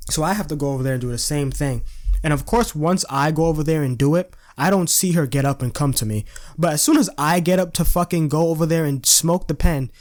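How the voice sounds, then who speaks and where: A man's voice: mid-range voice, darkish tone. A young adult man telling a casual storytime with lots of slang and swearing, laughing as he goes. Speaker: vlogger.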